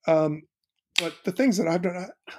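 Male co-host, middle-aged, husky, chatty storyteller. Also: a little high, moderate pace. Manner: storytelling, animated quoting of his kids. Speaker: podcast co-host. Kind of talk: casual chat.

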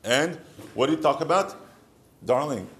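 A middle-aged marriage counselor with an Israeli accent gives a short, conversational advice talk, using rhetorical questions and light humor. His mid-range voice is animated, at a moderate pace.

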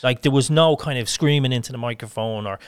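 A man's voice: medium pitch, quick pace, clear, resonant tone, dry recording. A man hosting a podcast interview, chatty and enthusiastic with a rambling way of talking. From Ireland. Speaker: podcast host. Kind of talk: casual interview chat.

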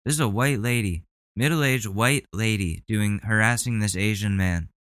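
A man's voice: fairly low pitch, moderate pace, a bit bright, smooth, no echo. A man hosting a casual reaction commentary, talking in an indignant, profane, rambling way. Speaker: commentary host.

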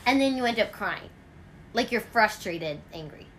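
At a moderate pace and in a mid-range voice, the woman hosting this relaxed home chat wanders through animated stories, leaning on filler words constantly. A slight background noise can be heard.

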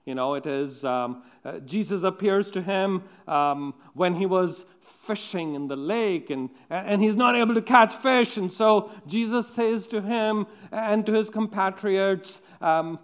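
A man preaching a sermon in a halting, conversational way, with many restarts, asking his listeners direct questions. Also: high-pitched, a bit bright.

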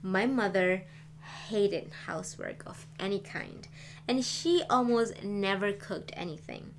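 A woman reading aloud, voicing a chatty, frank young woman who talks in a lively, animated way. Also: mid-range voice, unhurried, a little hiss or hum, natural voice. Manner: animated, talkative. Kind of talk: audiobook reading.

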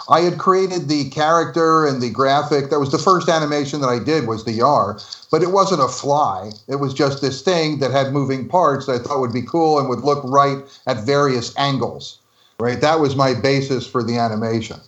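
A man's voice: mid-range voice, moderate pace, fairly bright tone, roomy sound, muffled recording. A man from New Jersey telling stories as an interview guest, laughing often and acting out the dialogue he quotes. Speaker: interview guest, former game developer. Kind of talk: casual storytelling interview.

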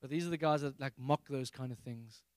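A man from Africa, preaching a sermon on a handheld mic and acting out prayers in a high, excited voice. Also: fairly quick, no room sound. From South Africa. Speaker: pastor.

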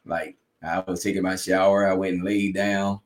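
A man's voice: low-pitched, level tone, normal speed. A man in his fifties, a podcast host telling stories and giving folksy, preachy encouragement. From United States. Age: 50s. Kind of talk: faith-based casual talk. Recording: roomy echo.

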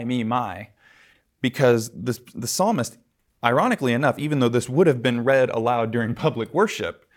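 Guy giving a church class talk, earnest but casual, lots of asides. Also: fairly low pitch. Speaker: church teacher. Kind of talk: conversational church lecture.

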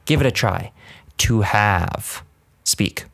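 A man giving a casual podcast language lesson, rambling and laughing often, drilling words slowly. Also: on the low side, gravelly, a bit bright, no room sound. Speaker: language teacher.

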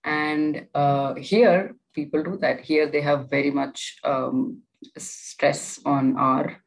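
Young female student guest, low voice, chatty, rambling delivery full of fillers. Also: steady tone, slow pace, vocal fry, poor audio. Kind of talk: casual interview.

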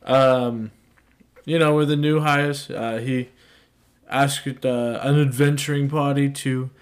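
A man's voice: mid-range voice, steady tone, slow. A man playing in a tabletop game, making up excuses in an easygoing, casual way. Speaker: player. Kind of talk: casual in-character banter.

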